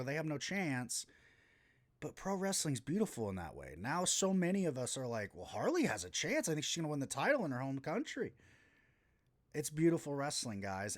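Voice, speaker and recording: A male podcast host recapping wrestling on his own in a loose, casual way. His voice sits at a middle pitch but leaps up and drops low all the time, with bursts of loudness and plenty of swearing. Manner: animated and profane, with sudden swings in pitch and volume.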